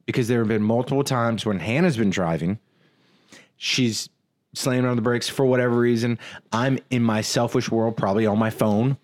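A married man co-hosts a casual podcast chat offering marriage advice. His voice is lowish and a little mellow, and he speaks earnestly but haltingly, frequently restarting his sentences.

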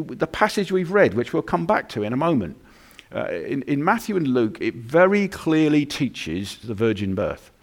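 A male pastor preaching a sermon in a chatty, conversational way, full of restarts and acted-out asides. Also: medium pitch.

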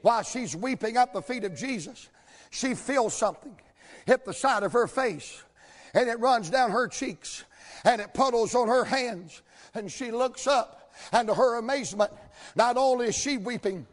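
A man preaching a folksy sermon in a church, telling the story with energy and building to shouts. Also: extremely high pitch, animated, normal speed. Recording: long hall reverb.

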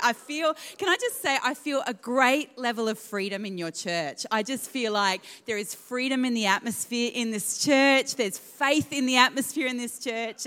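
A woman's voice: a little high, fairly bright tone, in a large hall. A woman in her thirties with an Australian accent, a guest pastor giving a sermon in a church, chatty and self-deprecating with laughing asides. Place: church auditorium.

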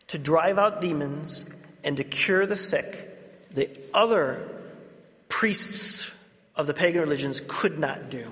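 A man's voice: on the high side, a bit bright. A man, a Catholic priest, preaching a sermon and telling stories with laughing asides. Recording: reverberant hall.

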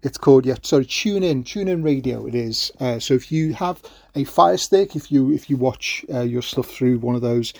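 A man talks through his podcast solo in a rambling, restart-heavy way. His voice is dark and gravelly, and the sound is dry and close with no room around it. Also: mid-range voice, moderate pace, no room sound. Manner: rambling, many fillers and restarts. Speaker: podcast host.

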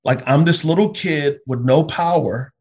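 A middle-aged man, a pastor, telling personal stories in an earnest, animated way with frequent stammered restarts. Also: a little high, a little slow, husky. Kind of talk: conversational storytelling.

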